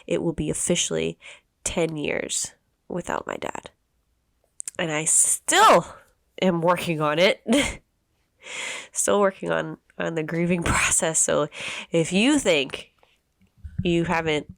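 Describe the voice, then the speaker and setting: A woman in her thirties, a podcast host telling a personal story in an emotional, halting way with many restarts. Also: fairly low pitch, vocal fry, no echo, clean studio sound. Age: 30s.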